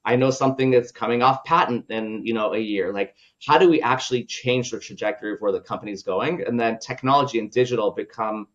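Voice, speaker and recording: Male guest, mid-pitch, relaxed filler-heavy talk, slightly muffled lo-fi audio. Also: fast talker, hardly any pauses. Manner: loose, filler-heavy, ends points with "right?". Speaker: podcast guest, product leader. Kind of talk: casual conversational interview.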